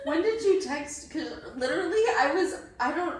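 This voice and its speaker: A young woman co-hosting a podcast in casual chat, reacting with laughter and quick quips. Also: sits high, lively intonation. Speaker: podcast co-host. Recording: echoey room, far from mic.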